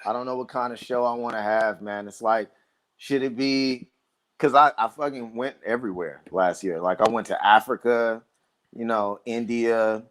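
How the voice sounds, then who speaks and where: A man's voice: mid-range voice, moderate pace. A man co-hosting a casual livestream chat, laid-back, often tagging sentences with "man" and "dude". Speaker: livestream co-host.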